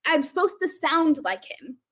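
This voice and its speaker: A woman co-hosting a casual library livestream from a room with a bookshelf. Her very high voice is bright and jumps all over the place. She talks in a bubbly, giggly, rambling way. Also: sing-song, normal speed. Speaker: co-host, teen librarian.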